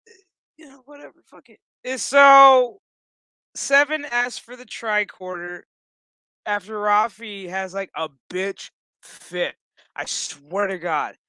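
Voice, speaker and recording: This is a man with a high, bright, forceful voice, recorded dry and close with no room sound. He recaps a TV episode in a loose, profane rant. His asides are blunt, sarcastic and exasperated. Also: slow, clean tone, no echo. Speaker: show recap YouTuber.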